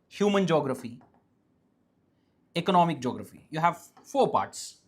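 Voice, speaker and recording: A teacher with an Indian English accent giving a live classroom lecture, often asking the class questions and checking that they follow, and repeating key points slowly and firmly. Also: mid-range voice, big pitch swings, slightly rough. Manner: keeps quizzing the class and checking understanding. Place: classroom with students present.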